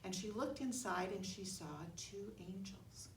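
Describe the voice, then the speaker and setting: A woman tells a Bible story to young children, using gentle, simple words. She sounds like she is standing well back from the mic in an echoey church. A faint hiss runs under her voice. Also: medium pitch, a little slow, hardly any pauses. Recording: echoey room, mic far off, faint noise.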